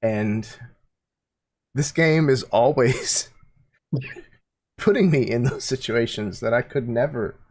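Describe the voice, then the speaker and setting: A man's voice: mid-range voice, slow, long pauses, a little mellow. A man narrating as game master of a tabletop role-playing game, hesitant with fillers.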